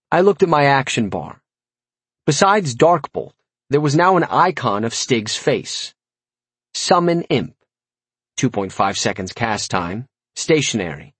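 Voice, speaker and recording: A man's voice: lowish voice, a bit bright, husky, no echo. A man narrating a first-person fantasy audiobook in a wry, conversational way.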